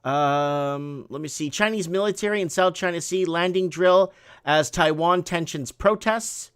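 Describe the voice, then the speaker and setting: A man's voice: on the high side, unhurried, fairly bright tone, clean tone, no room sound, clean studio sound. A man hosting a casual call-in show, rambling and reading news headlines aloud with rising emphasis. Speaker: host.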